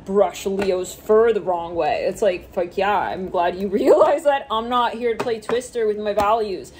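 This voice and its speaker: A woman's voice: medium pitch, unhurried, a little mellow, a little hiss or hum. A woman giving a casual tarot reading, rambling with many fillers and swearing offhandedly. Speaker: tarot reader.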